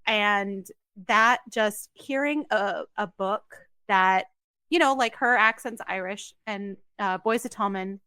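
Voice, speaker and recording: A woman's voice: medium pitch, bright, forceful tone, smooth, no echo. A young woman co-hosting a podcast, chatting casually in an emphatic, talkative way. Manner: chatty, emphatic, quick asides. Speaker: podcast co-host. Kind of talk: casual chat.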